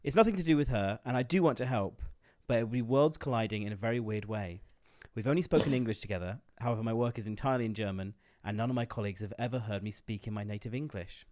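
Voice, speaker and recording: A man co-hosting a podcast, reading out a listener's letter in a measured way, with frequent "uh"s. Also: fairly low pitch, darkish tone, no room sound, clean studio sound. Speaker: podcast co-host.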